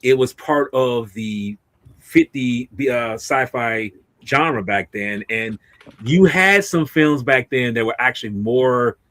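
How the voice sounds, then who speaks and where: A man's voice: mid-range voice, lively intonation, slow pace, a bit bright, dry recording. A man hosting a casual livestream, talking in a rambling way with many restarts and fillers. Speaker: livestream host.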